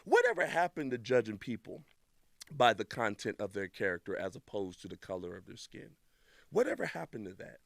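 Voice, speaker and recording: A man's voice: on the low side, a little fast, creaky, no echo. A man hosting a podcast segment, reading out viewer memes and reacting with mock-angry outbursts. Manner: animated, mock-angry outbursts, shouting at times.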